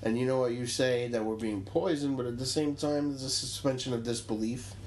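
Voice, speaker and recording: A man's voice: mid-range voice, steady tone, fairly quick, a little mellow, a little hiss or hum, rough recording. A man in casual chat about movies, wry and teasing, often laughing as he talks. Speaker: movie discussion co-host.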